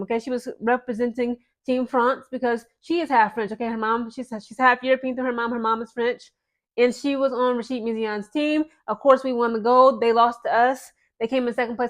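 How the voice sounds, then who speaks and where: Chatty woman vlogger, slightly high voice. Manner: chatty, emphatic, keeps checking in with the viewer. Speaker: channel host. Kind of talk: casual commentary vlog.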